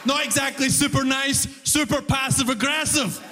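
A man's voice: very high-pitched, moderate pace, big-room sound, noisy background. A man performing stand-up, telling stories and acting out the people in them. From immigrant to Canada. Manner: animated storytelling, acts out voices. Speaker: stand-up comedian. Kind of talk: stand-up routine.

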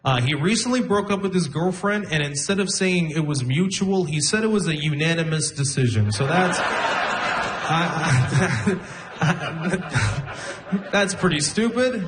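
A young man doing a stand-up comedy set, telling stories deadpan, laughing at his own lines and acting out other people. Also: fairly high pitch, a little slow, noisy background. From immigrant to Canada. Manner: deadpan storytelling, breaks into laughter, acts out voices. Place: comedy club stage with audience.

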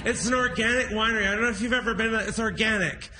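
A man from Canada tears into a stand-up set, his voice pitched very high and pushed to a shout over the crowd. Clear room noise runs under every line. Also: steady tone, quick pace. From Niagara-on-the-Lake, Canada. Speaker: stand-up comedian.

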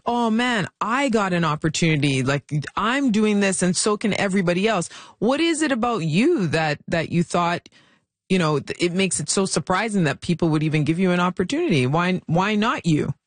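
An interviewer asking measured questions and offering short affirmations. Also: mid-range voice, no echo.

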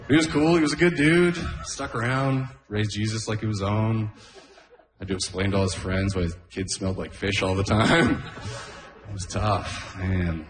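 A man's voice: fairly low pitch, a little slow, echoey room. A man from Canada performing a stand-up comedy set, laughing at his own jokes and often saying "oh, man".

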